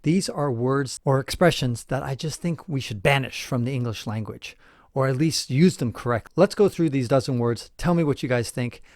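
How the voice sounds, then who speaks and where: A middle-aged man hosts a podcast in a mid-range, darkish voice at a moderate pace, recorded with studio quality and no echo. He explains points casually but emphatically, poses questions to listeners, and chuckles now and then.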